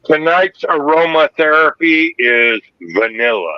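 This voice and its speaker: A man talking casually on a livestream, halting with fillers as he explains his distilling. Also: fairly high pitch, clear, resonant tone, no room sound, highs cut off. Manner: halting, many fillers and restarts.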